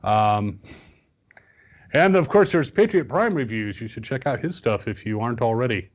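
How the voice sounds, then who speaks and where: A man's voice: medium pitch, lively intonation, normal speed, highs cut off. A man chatting casually as a guest on a podcast, rambling with many fillers and restarts. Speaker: guest toy reviewer.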